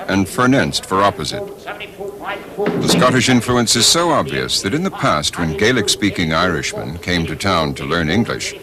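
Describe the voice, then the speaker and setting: A man reading scripted documentary narration in a measured, expressive way. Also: sits low.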